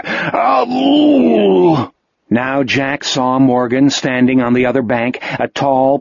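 Man, audiobook narrator, steady scripted reading, dry lo-fi recording. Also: medium pitch, no echo.

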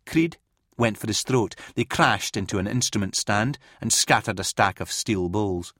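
A man narrating an audiobook in an expressive reading style. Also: lowish voice, normal speed, no echo, studio quality. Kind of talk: scripted narration.

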